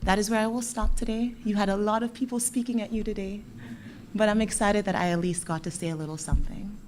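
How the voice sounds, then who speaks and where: A woman's voice: mid-range voice, fast talker. Young woman from Dominica, ceremony speaker, playful and encouraging with kids, faint noise behind. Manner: lively, playful with the children, warm encouraging. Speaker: guest speaker from a bank. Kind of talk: ceremony speech to schoolchildren.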